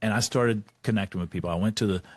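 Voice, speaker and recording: A man's voice: lowish voice, quick pace, slightly rough, no room sound. A man giving a motivational talk at a leadership summit, telling his own story and rising in emphasis on key points.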